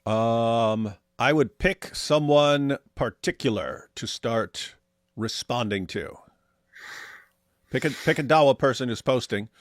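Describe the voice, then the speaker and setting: Sardonic man with a lively voice. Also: medium pitch, slow pace, no room sound, studio quality. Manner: sardonic, mock voices for quoted viewers. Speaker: co-host reading viewer chat. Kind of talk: casual livestream chat.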